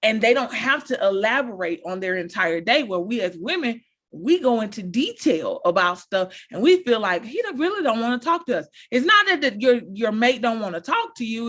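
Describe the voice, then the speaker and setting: A woman talking casually to her viewers, giving animated, preachy advice and repeating her points. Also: fairly high pitch. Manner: animated, repeats phrases, addresses viewers directly; preachy, encouraging. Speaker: motivational speaker.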